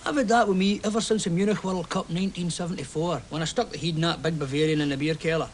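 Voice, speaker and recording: A man's voice: fairly high pitch, steady tone, fast, slight background noise, close to an everyday voice. A man playing a chatty Glasgow football fan. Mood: warm storytelling. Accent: Glaswegian Scottish. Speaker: football fan telling a story. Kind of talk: stage play acting.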